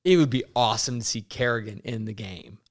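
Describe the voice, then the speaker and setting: A man talking games with a friend in an easygoing, rambling way, stopping and restarting mid-sentence and laughing as he goes. his voice sits at an ordinary middle pitch, neither high nor low. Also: fairly quick. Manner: rambling, self-correcting, laughs often. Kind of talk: casual gaming chat.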